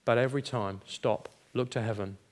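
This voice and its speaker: A middle-aged male pastor delivers a sermon in a steady mid-range voice. He moves between teaching and personal anecdotes, acting out the dialogue and laughing at his own failings. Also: medium pitch, normal speed. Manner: storytelling, acts out quoted dialogue, laughs at himself.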